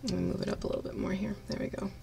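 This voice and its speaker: A woman chatting casually on a live stream while she paints miniatures. She laughs often and greets her viewers brightly by name. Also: mid-range voice, little pitch movement, rapid-fire, creaky, slight background noise.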